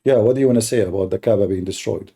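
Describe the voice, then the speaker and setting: Combative man with a very dark voice. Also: fairly low pitch, gravelly, slightly rough. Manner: mocking, combative, halting with many restarts. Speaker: livestream debate host. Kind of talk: heated live-stream debate.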